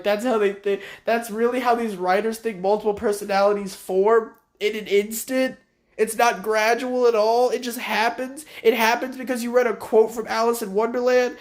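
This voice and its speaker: A man with a slightly high voice recaps a TV episode in a sarcastic, profane rant. He sounds exasperated and talks casually to the camera. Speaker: video commentator. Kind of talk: ranting TV show recap.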